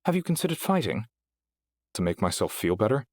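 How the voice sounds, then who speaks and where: A man plays a refined female AI companion in an audiobook, speaking with a British accent, proper, precise diction and a polite, poised manner. His fairly low, slightly mellow voice is raised above its natural pitch and delivered very animated and brisk, with no echo.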